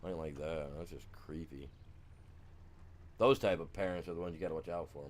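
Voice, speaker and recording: A man's voice: rumbling low, steady tone, brisk, pauses often. A man from Michigan with a Michigan accent, chatting casually while streaming a game, rambling and slangy. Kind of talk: casual gameplay chat.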